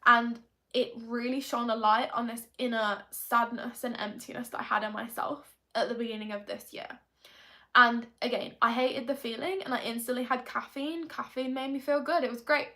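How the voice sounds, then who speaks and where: A woman's voice: fairly high pitch, steady tone, moderate pace, sharp tone. A young woman talking through a confessional vlog as a manifestation coach, in a chatty, rambling way full of tag questions.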